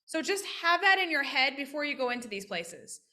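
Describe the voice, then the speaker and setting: A woman physical therapist teaching practice owners on a video call, lively and interactive, often asking questions. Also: high voice, a little fast. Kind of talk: casual online teaching with role-played examples.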